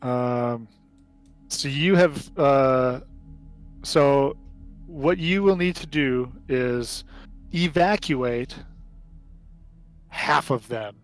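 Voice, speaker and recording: A man narrating as game master of a tabletop game, speaking haltingly with many fillers. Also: medium pitch, faint music behind.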